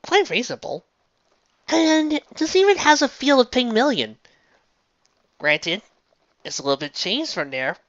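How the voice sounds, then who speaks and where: A woman's voice: unhurried, long pauses, dry recording, muffled recording. A woman reviewing an episode in easygoing, chatty talk. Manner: chatty, easygoing, with lively swings in pitch. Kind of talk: casual review chat.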